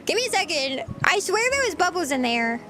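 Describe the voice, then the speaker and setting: A woman's voice: very high voice, very animated, brisk, sharp tone, faint music behind. A woman streaming herself cooking, chatting flustered and giggly to her viewers. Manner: giggly, flustered, talks to chat while cooking. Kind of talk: casual livestream chat.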